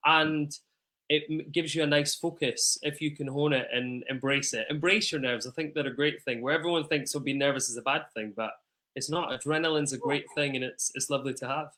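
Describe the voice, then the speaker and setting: Bright-voiced enthusiastic young man. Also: on the high side. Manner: earnest, enthusiastic, fast bursts. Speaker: musical theatre singer and guest. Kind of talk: casual chat.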